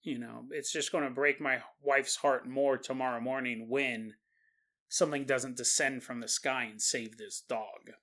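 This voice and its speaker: A man's voice: mid-range voice, fairly even intonation, a little slow, fairly bright tone. A man hosting a podcast, telling a story in a casual, conversational way with asides to the listener. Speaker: podcast host.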